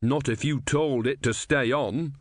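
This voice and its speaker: A man's voice: medium pitch, measured pace, no echo, studio quality, pitched above the performer's own voice, lightly acted. A man voicing a timid, honest young novice monk in an audiobook, speaking earnestly and a little hesitantly. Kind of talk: audiobook character voice.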